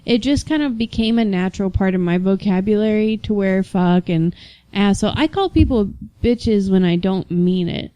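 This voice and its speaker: A woman's voice: mid-range voice, moderate pace, dark tone, clean tone, no echo. A young woman co-hosting a podcast in casual chat, rambling, swearing freely and laughing often. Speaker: podcast co-host.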